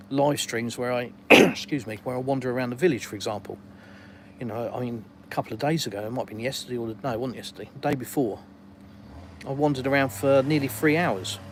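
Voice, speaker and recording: A man's voice: medium pitch, a little fast, noisy background. An English man hosting a casual live stream outdoors in a garden, rambling and colloquial as he reads viewers' comments aloud. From England.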